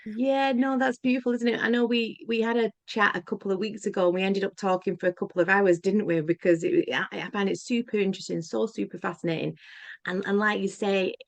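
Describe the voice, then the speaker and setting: A woman's voice: medium pitch, steady tone, fairly quick, no room sound. A woman hosting an interview on a call, eager and chatty, often adding tag questions. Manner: enthusiastic, lots of repeats and tag questions. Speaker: host. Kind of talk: casual interview chat.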